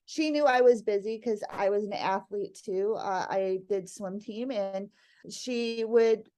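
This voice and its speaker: This middle-aged guest recounts a family tale in a relaxed conversation, full of energy and frequent laughter, voicing her family members' lines herself. She speaks in a mid-range voice, a little slowly.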